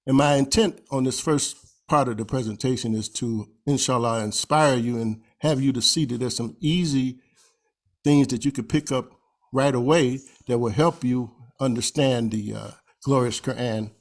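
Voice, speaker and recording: A man's voice: medium pitch, normal speed. A man giving a slide presentation over a video call, talking in a folksy, conversational way and stretching out recited phrases for emphasis.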